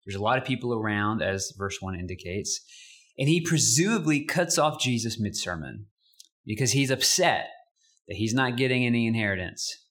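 A young adult man preaching a sermon as pastor, conversational and animated, with casual asides. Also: mid-range voice, normal speed.

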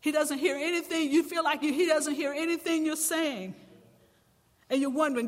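A woman preaching a sermon in church, impassioned and swelling into loud, emphatic cries. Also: high-pitched, fairly even intonation, moderate pace, long reverb tail.

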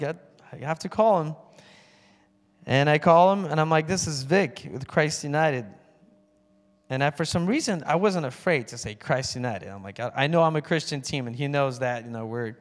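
With a voice on the high side and a big-room sound, this man recounts his personal testimony at church during a sermon. He acts out phone calls in a raised voice.

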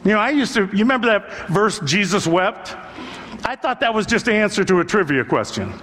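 An older pastor preaches earnestly and conversationally, repeating phrases for emphasis, his voice high for a man. He's very animated, fast and fairly bright, echoing with a long big-hall reverb and a little hiss or hum.

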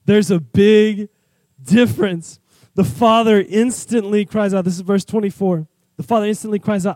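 A man preaching a sermon in an animated, conversational way, candid and personal with his listeners. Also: high-pitched, normal speed, no echo. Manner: animated, conversational, acts out scenes.

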